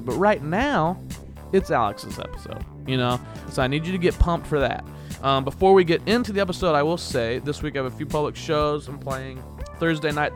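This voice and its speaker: A male podcast host in a loose, chatty monologue, easygoing and upbeat, his voice mid-range and springing up into high, jokey swoops now and then. Soft music sits faintly behind him. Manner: rambling and upbeat, with laughs and playful pitch jumps. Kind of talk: casual podcast intro monologue.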